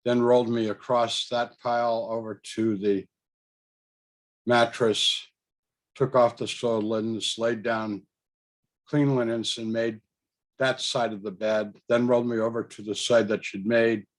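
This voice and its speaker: A man's voice: mid-range voice, little pitch movement, measured pace. A man casually telling a personal story, rambling with fillers, restarts and chuckles. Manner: chuckles between thoughts. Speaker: storyteller recounting a personal experience.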